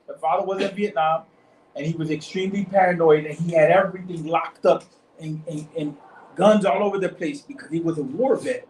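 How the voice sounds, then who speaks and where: A man's voice: a little high, fairly quick, darkish tone. Man leading a group talk in an echoey room. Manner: rambling, repeats words, asks "you see what I'm saying?". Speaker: study circle leader. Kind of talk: informal religious discussion. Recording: echoey room, mic far off, faint noise.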